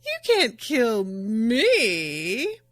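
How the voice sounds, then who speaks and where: A woman's voice: on the high side, very animated, slow, fairly bright tone, dry recording, studio quality, full character voice. A woman voicing a flamboyant, theatrical man who overacts his pleading and his triumphs. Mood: mock pleading. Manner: overdramatic, singsong.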